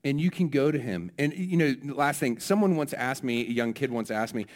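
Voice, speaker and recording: A man pastor who gives a children's message and then a sermon. He talks in a lively way and keeps asking his listeners questions. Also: mid-range voice, fairly quick.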